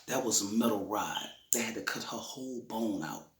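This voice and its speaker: A man's voice: fairly low pitch, lively intonation, moderate pace. Father telling his story, echoey room. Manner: conversational, repeats himself, frequent "you know what I'm saying". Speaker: grieving father interviewee. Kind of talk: emotional personal storytelling.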